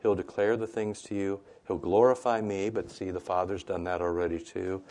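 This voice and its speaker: A man's voice: low-pitched, level tone, moderate pace, warm tone. A man preaching a conversational sermon, tagging "right?" onto his points and making joking asides to the congregation. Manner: conversational, frequent "right?" tags. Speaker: pastor.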